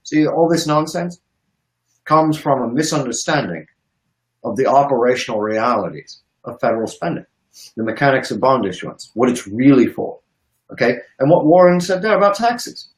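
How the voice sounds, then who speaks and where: A man's voice: medium pitch, animated, moderate pace. A man speaking as a guest on a video call, explaining emphatically, repeating words and checking in with "okay?". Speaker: guest economist. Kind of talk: animated explanatory talk. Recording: echoey room.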